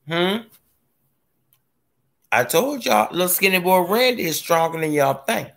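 A man hosting a gardening live stream, chatting casually as he reads viewer comments, joking and laughing, his voice swooping from low mutters up to high squeals. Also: big pitch swings, measured pace, gravelly, pauses often, a bit bright. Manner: playful, laughs often. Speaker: gardening livestream host.

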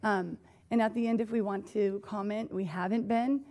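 A woman's voice: medium pitch, fairly even intonation, normal speed, mellow. A woman school board member giving an earnest, emotional report at a public board meeting, close to tears.

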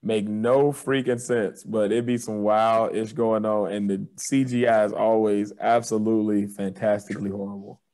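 A man's voice: on the low side, flat delivery, darkish tone. Slangy, laid-back podcast guy. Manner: loose, slangy, laughs often, quick asides. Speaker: podcast co-host. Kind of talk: casual podcast chat.

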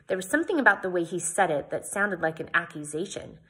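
A woman's voice: lowish voice, sing-song, fast talker, sharp tone. A woman reading a novel aloud, with plain narration and chatty comments between passages.

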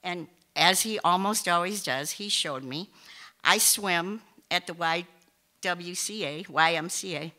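A woman's voice: on the low side, unhurried, bright, forceful tone. A woman telling a personal story on stage to a live audience, chatty and emphatic with many asides and restarts.

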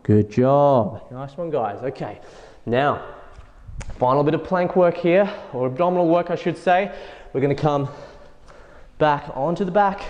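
Breathless guy coaching a workout, kinda high voice, long echoey reverb. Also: darkish tone, lo-fi sound. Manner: encouraging, counts reps aloud while exercising. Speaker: fitness instructor.

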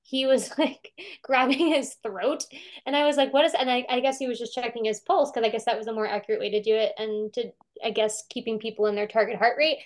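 A woman's voice: fairly high pitch, fairly even intonation, fairly quick. A woman curator chatting casually about a film over a video call, talking with many fillers and restarts and acting out quotes.

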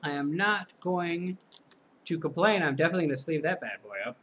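A man's voice: fairly high pitch, expressive, a little fast, a bit bright, a little hiss or hum. A man hosting his own channel, casually talking to himself while opening packs, self-deprecating and chatty, from the corner of a room at home. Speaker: card-breaking channel host. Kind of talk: casual solo pack-opening commentary.

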